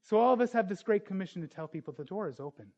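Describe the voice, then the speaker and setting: A man preaches a sermon in a high, light voice. He tells stories and throws himself into the voices of the people in them. The recording is dull and lo-fi. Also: very fast. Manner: storytelling, animated voices in retold scenes.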